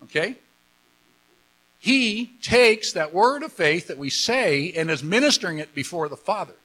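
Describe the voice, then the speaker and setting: Bright-voiced, excited male preacher. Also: high-pitched, measured pace, rough recording. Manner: enthusiastic, repeats himself, emphatic. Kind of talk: sermon with Bible reading.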